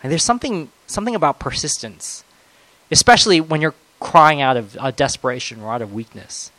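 A man preaching a conversational sermon, swinging between loud, emphatic moments and soft, reflective ones. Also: on the high side, lively intonation, a little fast, dry recording, low-quality recording.

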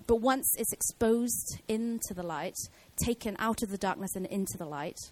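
A woman's voice: medium pitch, darkish tone, poor audio. A woman giving an informal Bible teaching in a casual way, with many fillers and restarts.

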